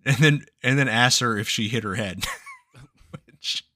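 A man's voice: medium pitch, measured pace, sharp tone, no echo, studio quality. A man on a podcast casually retelling a story, swearing often, laughing and slipping into quoted voices. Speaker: podcast host recapping a game.

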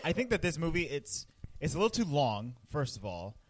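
A man's voice: fairly high pitch, very animated, brisk, no room sound. A man co-hosting a podcast, animatedly retelling a film scene in casual chat and laughing often. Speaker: podcast co-host.

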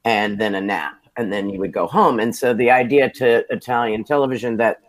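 An American man, a television producer, telling lively, self-deprecating stories from his career in a casual interview. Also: lowish voice, a little fast. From United States.

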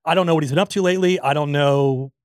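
A man's voice: on the high side, quick pace, darkish tone, clean tone, no room sound, studio quality. A man co-hosting a podcast in a joking, self-mocking casual chat. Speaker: podcast co-host.

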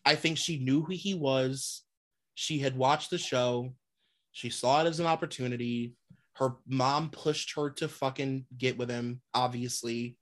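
A woman's voice: very deep voice, steady tone, a little slow. A young adult woman co-hosting a casual gossip podcast, blunt and emphatic, swearing freely as she vents about reality TV. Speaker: podcast co-host.

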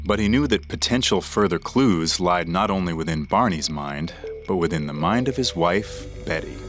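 A man narrating a scripted true story for a podcast in a measured, dramatic way. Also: low voice, animated, over music.

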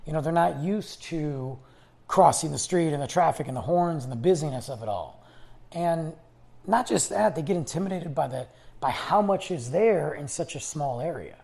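Guy rambling on his solo podcast, kinda gravelly, voice going a bit hoarse. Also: fairly high pitch, lively intonation, moderate pace, darkish tone. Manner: rambling, chatty, restarts his sentences. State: losing his voice. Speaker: podcast host. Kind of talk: casual solo podcast monologue.

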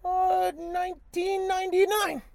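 A man's voice: extremely high pitch, flat delivery, measured pace, vocal fry, a little mellow, dry recording, exaggerated voice. A man playing a silly leprechaun in an improvised comedy bit, rambling and evasive, tacking "Joe" onto nearly every line. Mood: goofy, evasive. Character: silly male leprechaun with fake beard.

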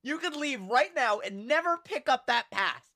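A high-pitched man with a bright, sharp voice, chatting on a podcast. He tells stories with animation and slips into voices for the people in them. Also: normal speed. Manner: animated storytelling, acts out quoted people. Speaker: podcast co-host. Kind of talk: casual podcast chat.

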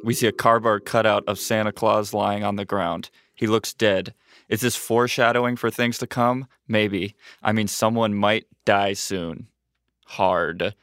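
A man's voice: on the low side, steady tone, measured pace, fairly bright tone, smooth, no room sound, clean studio sound. A man reading out a comedy parody script as narrator, playful and mock-dramatic, often laughing.

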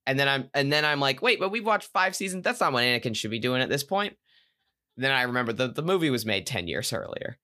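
Young male co-host, bright tone, casual rambling chat. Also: mid-range voice, lively intonation, fast. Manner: rambling, self-correcting, enthusiastic. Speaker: podcast co-host.

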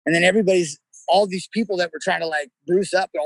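A man from San Jose, a touring musician, talking in a brash, animated way and swearing constantly. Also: sits high, fast, no echo, poor audio. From San Jose, California. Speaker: musician guest. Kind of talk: casual chat.

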